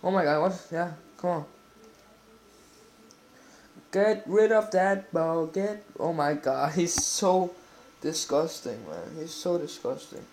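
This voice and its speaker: A man giving live commentary while playing a football video game, exclaiming and swearing excitedly at the action. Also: a little high, slow, long pauses, a little hiss or hum.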